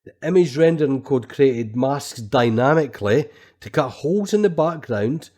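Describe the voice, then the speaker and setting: A man's voice: mid-range voice, lively intonation, normal speed, a little mellow. A man co-hosting a podcast, talking casually and enthusiastically about retro games. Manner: enthusiastic, chatty, reads quotes aloud. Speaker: podcast co-host. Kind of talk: casual retro gaming chat.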